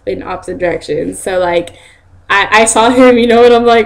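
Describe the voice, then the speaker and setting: A woman's voice: a little fast, creaky. Chatty laughing young woman vlogger. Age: young adult. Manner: chatty, laughs often, acts out quotes in high voices. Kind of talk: casual storytelling vlog.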